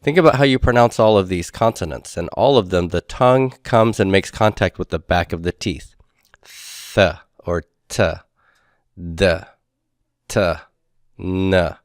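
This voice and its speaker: A man teaching Hebrew grammar in a recorded lecture, explaining patiently step by step, sounding out words slowly and repeating them, and often checking in with "okay". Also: low-pitched, no echo, clean studio sound. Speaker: Biblical Hebrew instructor.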